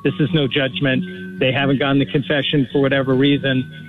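A man calling in to a radio show, speaking earnestly and haltingly, often restarting his sentences. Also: mid-range voice, flat delivery, soft background music. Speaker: caller. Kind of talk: phone-in call. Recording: tinny phone line.

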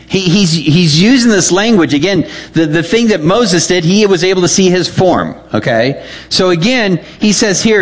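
A man's voice: high voice, lively intonation, moderate pace, few pauses. A man preaching a sermon, reading scripture aloud and checking in with his listeners as he explains it. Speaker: pastor.

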